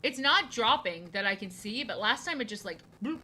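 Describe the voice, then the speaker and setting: Bright-voiced woman yapping on her drawing stream, repeats herself a lot, jokes at her own expense. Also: mid-range voice, expressive, brisk, a little hiss or hum, poor audio. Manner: rambling, self-mocking, repeats herself. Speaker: art streamer. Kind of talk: casual live-stream chat while drawing.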